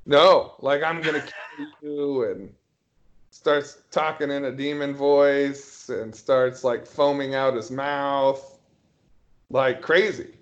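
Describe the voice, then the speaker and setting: Casual male storyteller, mid pitch, halting delivery, muffled recording. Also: steady tone. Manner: halting, hesitant storytelling with many restarts. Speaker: guest telling a story. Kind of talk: casual podcast chat.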